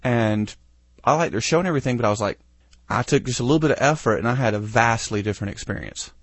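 A man's voice: mid-range voice, animated, quick pace, a bit bright, no room sound. A man with a Southern US accent hosting a casual podcast, telling rambling, self-deprecating stories. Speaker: podcast host.

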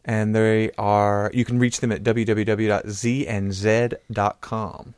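Reading listener messages on a casual podcast, an American co-host jokes easily, tripping over place names. His fairly low, slightly mellow voice is flat and measured, captured in studio quality with no echo.

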